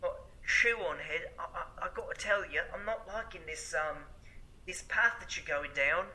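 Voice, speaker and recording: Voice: medium pitch, normal speed, pushed and bright. A speaker mimicking a pompous male internet pundit who lectures and stammers. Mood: preachy. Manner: stammering, preachy.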